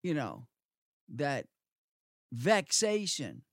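A man's voice: a little high, sing-song, drawn-out words, gravelly, no echo, studio quality. A man preaching a sermon, repeating words for emphasis and asking the listeners rhetorical questions.

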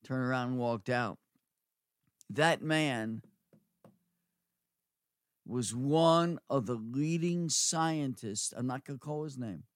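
A middle-aged man preaching a sermon, slowly repeating phrases for emphasis and swinging between loud and quiet. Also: mid-range voice, no echo, clean studio sound. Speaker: preacher, former nursing home chaplain.

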